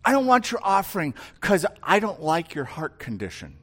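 A man's voice: a little high, wildly swooping pitch, moderate pace, a bit bright, heavily acted. A man preaching who voices God speaking earnestly to a wayward son in a retelling.

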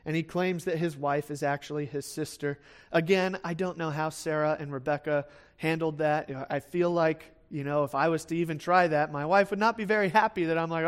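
High-voiced man teaching a sermon. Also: fairly even intonation, a little fast, clear, resonant tone. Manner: expository Bible teaching with acted asides; conversational with fillers. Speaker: pastor.

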